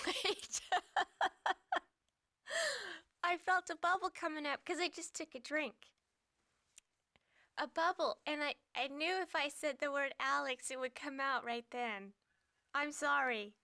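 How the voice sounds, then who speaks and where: A woman's voice: high voice, slow pace, long pauses, pushed and bright. A woman co-hosting a game stream, giggling and apologizing between lines. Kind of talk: casual stream chat.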